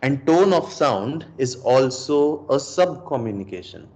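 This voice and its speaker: A man's voice: medium pitch, expressive, measured pace, a little mellow. A young man giving a coaching session, emphatic, asking the listener rhetorical questions and mixing in Hindi phrases. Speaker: dating coach.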